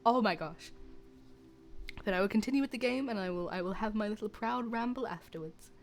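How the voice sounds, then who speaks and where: A woman's voice: mid-range voice, a little fast. A young woman streaming a visual novel, reading the narration aloud and breaking off for chatty, laughing asides.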